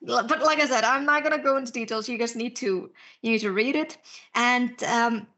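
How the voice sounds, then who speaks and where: A woman's voice: a little high, brisk, pushed and bright. A woman co-hosting a podcast in casual chat, swearing freely and laughing, with many fillers. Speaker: podcast co-host. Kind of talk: casual chat about books and films.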